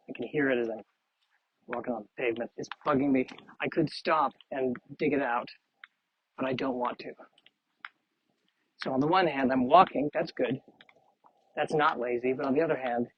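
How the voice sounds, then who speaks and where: A man's voice: medium pitch, slight background noise. A man hosting a solo podcast while walking outdoors, talking in meandering, self-deprecating musings. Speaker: podcast host. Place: outdoors on a street. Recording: muffled lo-fi outdoor recording.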